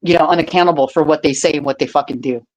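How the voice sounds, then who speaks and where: Low-voiced blunt woman chatting. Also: rapid-fire, a little mellow, highs cut off. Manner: blunt and profane, laughs often. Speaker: podcast co-host. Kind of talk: casual chat.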